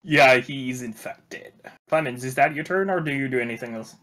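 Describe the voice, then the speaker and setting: A man's voice: medium pitch, brisk. Laid-back man running a tabletop game. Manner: relaxed, laughing often, swears casually. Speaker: dungeon master.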